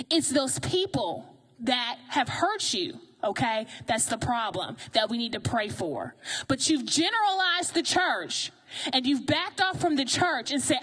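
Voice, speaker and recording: A woman preaching a sermon in a lively, conversational way, often asking the congregation questions. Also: sits high.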